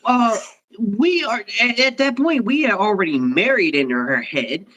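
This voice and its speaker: A man's voice: sits high, expressive, measured pace, a bit bright, lo-fi sound, slight background noise. A man co-hosting a casual talk show, playful and openly emotional, speaking straight to the listeners. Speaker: podcast co-host. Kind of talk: casual chat.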